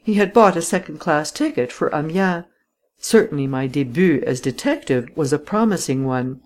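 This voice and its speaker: A reader giving measured, dramatic first-person audiobook narration. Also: mid-range voice, expressive, a little mellow.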